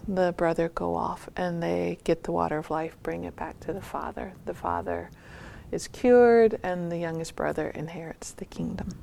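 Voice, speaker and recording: A woman teacher unfolds a folk tale at an unhurried pace, her voice carrying a gravelly edge. She is reflective, and her quieter moments sink almost to a whisper. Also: lowish voice. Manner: reflective storytelling, drops to soft near-whispers. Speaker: meditation teacher. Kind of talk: dharma talk retelling a folk tale.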